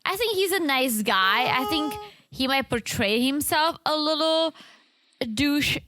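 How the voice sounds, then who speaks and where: A woman's voice: high voice, animated, measured pace, background noise. A woman co-hosting a podcast in playful, joking casual chat. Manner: playful, jokey, tries out accents. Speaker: podcast co-host.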